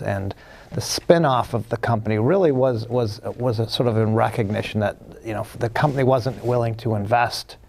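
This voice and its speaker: A man appearing as a studio guest executive, answering questions in a measured way with frequent fillers and restarts. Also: on the low side, creaky, darkish tone. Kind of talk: business interview answers.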